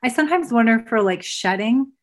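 A woman's voice: fairly high pitch, animated, quick pace. A woman in casual conversation who speaks earnestly and reflectively about emotions and inner truth. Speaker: guest, former coach.

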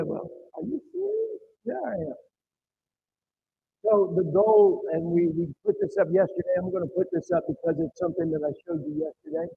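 A man's voice: high-pitched, gravelly, slight background noise. A male pastor preaching a sermon in church, emphatic and calling on the congregation to answer back, in a dull, muffled recording.

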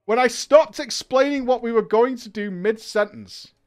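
A man's voice: extremely high pitch, moderate pace, faint music behind. A man streaming, reading a story aloud in a casual way and breaking off for laughing, profane asides. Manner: lively reading broken by laughs, swearing and mocking asides.

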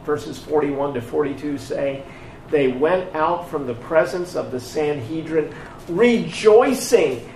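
Male preacher, high voice, gravelly, slow and emphatic, echoey distant room. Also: lively intonation, a little mellow, slight background noise. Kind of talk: sermon. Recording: echoey room picked up from afar.

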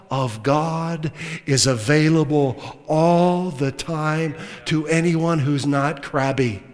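High-voiced preacher in a reverberant hall. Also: male voice, takes it slowly. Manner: dramatic preaching that swings from loud emphatic lines to hushed asides; humorous asides with laughter. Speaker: pastor. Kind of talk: sermon. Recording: long reverb of a large hall.

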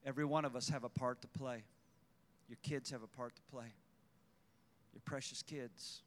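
A man's voice: mid-range voice, fairly even intonation, normal speed. A man preaching a fervent sermon to his church, repeating lines for emphasis and calling out people by name. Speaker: pastor. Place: church sanctuary. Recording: long hall reverb.

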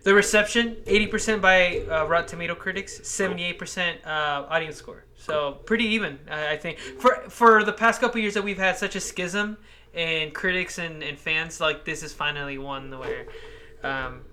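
A young man co-hosting a casual podcast, quick to agree and chime in, reading out figures between jokes. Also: on the high side, bright, forceful tone. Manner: eager, agreeable, quick to jump in with "yeah". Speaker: podcast co-host. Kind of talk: casual chat.

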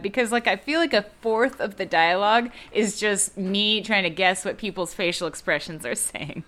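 A woman's voice: medium pitch, moderate pace, hardly any pauses. A woman co-hosting a podcast, chatting casually and wryly about a movie and laughing often. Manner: wry, laughs often, animated bursts. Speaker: podcast co-host. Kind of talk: casual movie-review chat.

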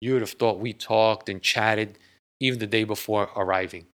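A man with a fairly low voice tells a personal story in an easygoing, earnest way. He rambles, repeating words and restarting sentences as he goes. The sound is dry and close, with no room echo. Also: fairly even intonation, normal speed, fairly bright tone, smooth. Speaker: guest sharing a personal story. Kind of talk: casual storytelling.

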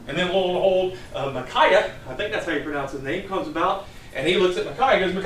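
A man's voice: sits high, quick pace, fairly bright tone, a little hiss or hum. A middle-aged man preaching a sermon in a conversational, storytelling way, from a distant mic in a church hall.

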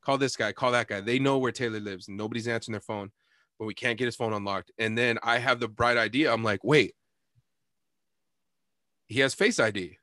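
A man in casual chat, telling a bar story in an animated, profane way, laughing and acting out what people said. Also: mid-range voice, fairly quick, dry recording, studio quality. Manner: animated, profane, laughs often, acts out quotes.

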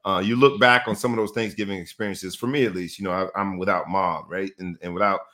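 A man hosting a casual sports talk show, emphatic and animated, repeating phrases for effect. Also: low voice, fast.

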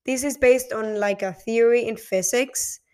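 A woman's voice: fairly high pitch, unhurried, a little mellow. Rambling woman podcast host. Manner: rambling, swears casually, frequent ums and self-corrections. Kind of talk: casual solo film chat.

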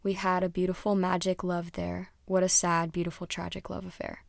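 A woman's voice: lowish voice, completely flat delivery, a little fast, creaky. A young woman chatting casually as a music reviewer, rambling and dropping into whispered asides. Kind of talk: casual chat.

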